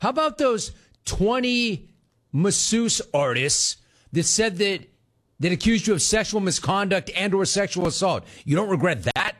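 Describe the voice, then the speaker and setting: Brief: middle-aged male sports talk host, heated sarcastic rant, lively swooping pitch. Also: a little slow. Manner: sarcastic, heated, mocks the player in put-on voices.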